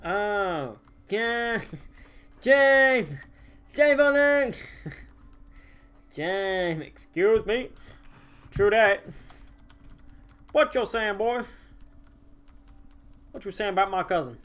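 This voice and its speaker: A man's voice: high-pitched, drawn-out words, pauses often, fairly bright tone. A man streaming a game live, chatting casually with viewers in silly, jokey banter and laughing often. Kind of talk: casual live-stream chat while gaming.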